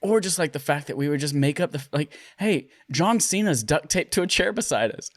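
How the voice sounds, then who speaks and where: A man's voice: fairly high pitch, expressive, a little fast, dry recording, studio quality. Joking, swearing podcast host guy. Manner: loose, joking, swears freely. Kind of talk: casual gaming podcast chat. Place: living room at home.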